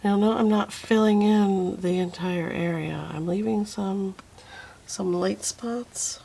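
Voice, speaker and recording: A woman's voice: medium pitch, slow pace, gravelly, a little hiss or hum. A woman teaching a watercolor painting tutorial, talking to herself as she works and often slipping into a whisper. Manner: soft, often drops to a whisper while painting; relaxed, self-talking, fond of little asides.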